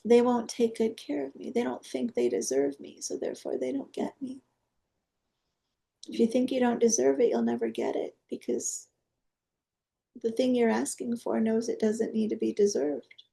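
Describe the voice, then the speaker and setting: A woman leads a guided energy-healing meditation in a soft, coaxing voice. Her tone is very dark and mellow, with a strong gravelly fry running through it. She moves between gentle instruction and quiet, prayer-like requests. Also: a little high, normal speed.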